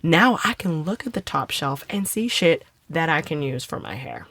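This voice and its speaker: A woman in her thirties co-hosting a podcast, chatting casually and telling stories with lots of swearing. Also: normal speed. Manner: animated storyteller, swears freely, acts out quotes with big pitch jumps. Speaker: podcast co-host. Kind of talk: casual chat.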